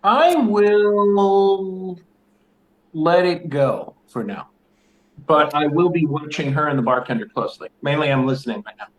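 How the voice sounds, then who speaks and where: A man's voice: fairly high pitch, animated, unhurried, dull audio. Matter-of-fact male player. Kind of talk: tabletop game play.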